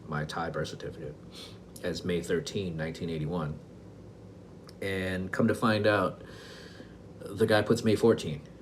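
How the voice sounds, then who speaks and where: Podcast host, man in his forties from Laos, deep voice, halting wry storyteller, faint hiss under the track. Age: 40s. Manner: wry, self-deprecating, halting with frequent restarts. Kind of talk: casual personal storytelling. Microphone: close podcast mic, audio only.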